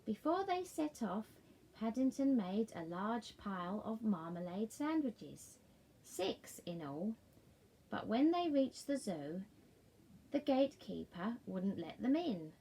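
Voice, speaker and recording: Slow, gravelly woman reading aloud. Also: medium pitch, sing-song, slight background noise. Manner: sing-song, gently coaxing. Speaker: storyteller. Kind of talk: reading a picture book aloud.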